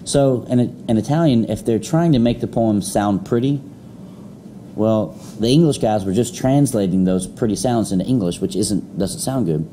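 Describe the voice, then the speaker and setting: Male teacher lecturing a class, low and warm, lots of ums and restarts. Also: moderate pace, slight background noise. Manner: rambling, many fillers and restarts.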